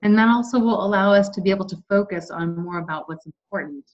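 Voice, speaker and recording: A woman calmly and earnestly explaining ideas as a guest in an interview. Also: medium pitch, fast, lo-fi sound, faint music behind. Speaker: guest expert. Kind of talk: conversational interview.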